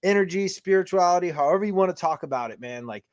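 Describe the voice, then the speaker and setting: A man's voice: high voice, lively intonation, quick pace, no room sound, studio quality. A man hosting a casual podcast interview, easygoing, laughing along with his guest and peppering his talk with slang. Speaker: podcast host.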